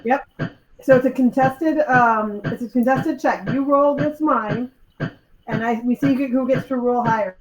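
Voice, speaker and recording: A woman's voice: on the high side, a little slow. A woman running a live tabletop game as game master, explaining rules with ums and acting out the fight. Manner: lively, explains rules with ums, acts out moves. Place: convention stage. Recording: live convention hall with loud crowd.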